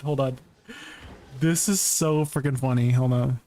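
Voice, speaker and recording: A man's voice: medium pitch, steady tone, measured pace, background noise. A young man streaming a game, chatting casually with viewers, easily amused and rambling with restarts; he is not British. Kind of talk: casual live-stream chat while gaming.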